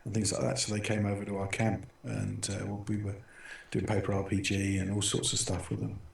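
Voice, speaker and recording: Middle-aged British male host, low-ish voice, rambling anecdotes; distant mic, echoey room. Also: level tone, fairly quick, creaky. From Britain. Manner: rambling storyteller with many restarts and fillers. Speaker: talk show host. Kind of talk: casual chat.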